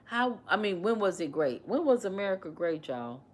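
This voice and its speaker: A woman hosting a casual livestream, animated and repetitive as she questions and mimics her commenters. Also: medium pitch, moderate pace. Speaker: livestream host.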